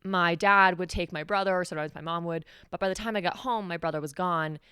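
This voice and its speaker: A young woman from New Mexico, USA, hosts a solo podcast, sharing a personal story in a candid, chatty way packed with "like"s. Her voice sits on the low side and is fast, bright, forceful and smooth, in a dry, studio-quality recording.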